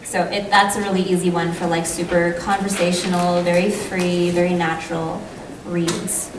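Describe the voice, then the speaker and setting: A woman's voice: on the low side, little pitch movement, normal speed. A woman voice actor answering audience questions on a convention panel in a chatty, eager way. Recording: echoey hall, distant mic, noisy crowd.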